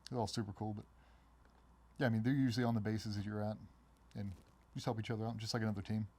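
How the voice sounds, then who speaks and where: A middle-aged man, a former special operations member, telling stories in a casual interview and acting out other people's voices in a much higher pitch. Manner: fast, animated storytelling, acts out quoted voices much higher. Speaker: guest, former Navy SEAL.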